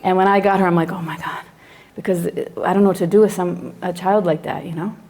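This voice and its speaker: A woman's voice: lowish voice, steady tone, fairly quick, darkish tone. A woman psychologist teaching a class, telling a story about a client and acting out her own reactions as she goes.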